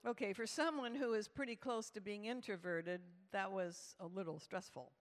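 A woman's voice: mid-range voice, moderate pace, hardly any pauses. Woman storyteller in an echoing hall. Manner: lively storyteller, animated quoted voices. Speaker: speaker at a church event. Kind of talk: humorous storytelling talk. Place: large hall with live audience. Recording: reverberant hall.

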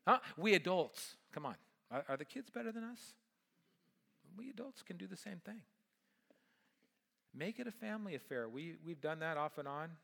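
Bright-voiced middle-aged male pastor preaching. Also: fairly high pitch, normal speed, vocal fry, pauses often. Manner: animated storytelling, swings between loud and hushed. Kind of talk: sermon with personal story.

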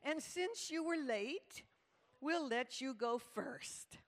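A woman voicing an eager young male church youth leader who talks loudly and high. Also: animated, slow pace, heavily acted. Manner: loud, enthusiastic, high. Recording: reverberant hall.

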